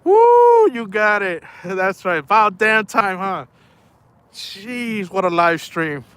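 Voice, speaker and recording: A man's voice: high voice, slow, bright, forceful tone, clean tone, dry recording. A young man chatting casually on a night fishing live stream, playful and laughing often while reading chat aloud. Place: outdoors at night by the water.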